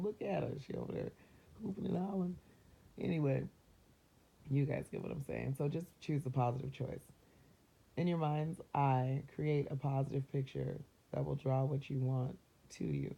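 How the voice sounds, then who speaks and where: A woman talking casually and upbeat about mindfulness and positive thinking, chatty, laughing often and slipping into quick acted-out voices. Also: rumbling low, gravelly, mellow, breathy edge. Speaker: self-help vlogger. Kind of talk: casual motivational talk. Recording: dull lo-fi recording.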